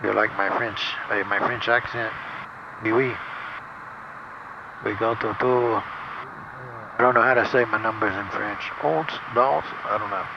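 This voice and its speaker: A pilot chats in a relaxed, joking way from inside a small jet's cockpit. His voice sits a touch low with a gravelly edge. The intercom sound is muffled, with a steady engine roar underneath. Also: normal speed, noisy background. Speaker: pilot and channel host. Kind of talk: casual cockpit commentary.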